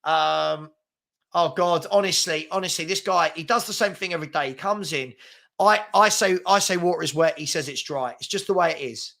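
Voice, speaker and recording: A man's voice: on the high side, normal speed, vocal fry. A middle-aged man hosts a casual football live stream, reading viewer comments and arguing back with exasperation. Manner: animated, exasperated, argumentative.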